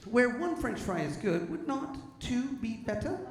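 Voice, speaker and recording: A man's voice: very high voice, big pitch swings, a little slow, roomy sound, noisy background, pitched above the performer's own voice, full character voice. Man putting on a prim sparrow. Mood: genteel. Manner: overly courteous, genteel. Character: prim, polite little male sparrow begging for fries.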